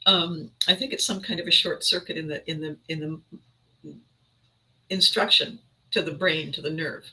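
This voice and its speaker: A woman with a very bright, keen voice talks to her livestream audience in a loose, reflective monologue. She rambles, doubles back and breaks off her sentences as she thinks aloud. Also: low-pitched, fairly even intonation, moderate pace, poor audio. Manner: rambling storyteller, self-interrupting, chatty. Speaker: livestream host.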